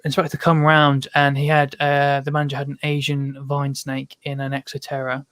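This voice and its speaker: A man's voice: mid-range voice, completely flat delivery, normal speed, a bit bright, clear, resonant tone, dry recording. A man, a podcast guest, telling casual stories full of ums and restarts. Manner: rambling storytelling with many ums. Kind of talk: casual chat.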